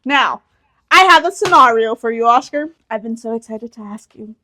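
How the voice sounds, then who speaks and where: A young woman co-hosting a casual podcast with her sibling, telling stories in an animated way, acting out quotes and laughing often. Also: fairly high pitch, normal speed, a little hiss or hum. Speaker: podcast co-host.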